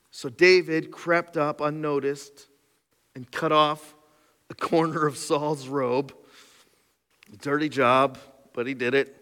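A man's voice: a little high, level tone, takes it slowly, pauses often, fairly bright tone, clean tone. Joking male pastor in a reverberant hall. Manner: joking asides between scripture reading. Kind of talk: sermon.

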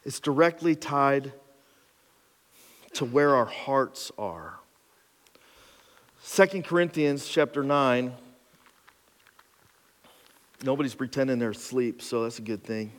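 A man preaching a sermon as pastor, animated, building to near shouts on key points. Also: medium pitch, a little slow, long pauses, long reverb tail.

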